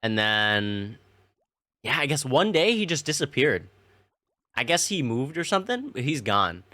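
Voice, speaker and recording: A man's voice: medium pitch, measured pace. A young man streaming, casually telling his chat childhood stories in a slangy, laughing way. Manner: animated, laughing, slangy storytelling with many restarts.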